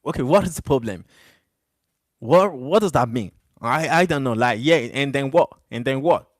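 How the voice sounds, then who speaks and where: A man's voice: mid-range voice, lively intonation, normal speed, no echo. Guy live streaming, fired up, voice jumps all over, dry close sound, english not his first language. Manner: heated, repetitive, calls viewers brother. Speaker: livestream host. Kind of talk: live stream chat reply.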